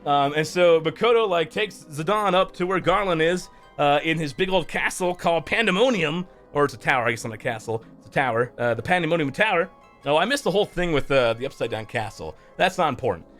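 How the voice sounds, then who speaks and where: A man's voice: fairly high pitch, animated, fairly quick, a bit bright, faint music behind. A man streamer casually recapping a game's story, loose and profane, rambling with lots of fillers.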